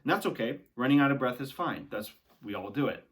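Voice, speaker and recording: A young adult man teaching singing, guiding a vocal warm-up and often checking in with "right?". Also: medium pitch, expressive, fast. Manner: encouraging, talks along with exercises, often ends with "right?". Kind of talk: guided vocal warm-up lesson.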